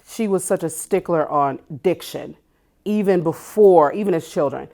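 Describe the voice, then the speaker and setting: A Tennessee woman who serves as a school family and community liaison answers interview questions, speaking carefully and enunciating clearly. Her voice is fairly low and dark, at a normal pace.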